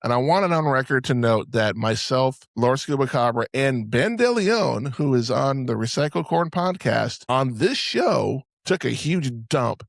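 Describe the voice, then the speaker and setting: A man's voice: medium pitch, expressive, a little slow, vocal fry, hardly any pauses, dry recording, studio quality. A man hosting a podcast in casual, rambling banter, swearing freely and stumbling over restarts. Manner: rambling, profane, stammers on restarts. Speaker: podcast host.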